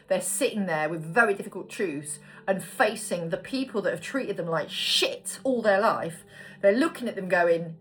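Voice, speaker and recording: A woman's voice: medium pitch, animated, moderate pace, faint music behind, poor audio. A woman spiritual coach talking frankly and emphatically to camera, swearing freely. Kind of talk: casual monologue to camera.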